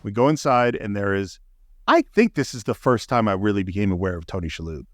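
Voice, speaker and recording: A man's voice: fairly low pitch, expressive, fairly quick, dry recording, studio quality. A middle-aged man co-hosting a podcast, enthusiastically recapping a movie scene by scene in casual chat. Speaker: podcast co-host. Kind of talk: casual film discussion.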